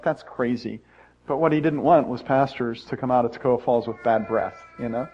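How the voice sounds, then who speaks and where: A man's voice: medium pitch, a little mellow. A pastor in his sixties preaching a sermon to his congregation, telling personal stories in a folksy, conversational way with self-deprecating humor. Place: church sanctuary. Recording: dull, muffled sound.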